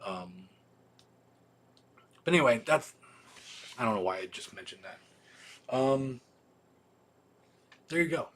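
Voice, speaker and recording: Husky guy rambling on a store livestream, cusses a lot, lots of ums. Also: medium pitch, expressive, slow pace, pauses often, fairly bright tone. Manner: rambling, profane, with many ums and restarts. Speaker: video store owner hosting a weekly livestream. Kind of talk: casual livestream chat.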